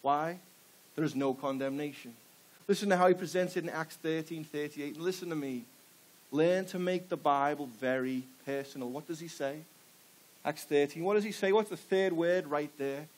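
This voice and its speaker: A pastor preaches to a live congregation in church, his voice a little high and his pace moderate. He fires off rhetorical questions and pushes the crowd for call-and-response answers, though the recording quality is low.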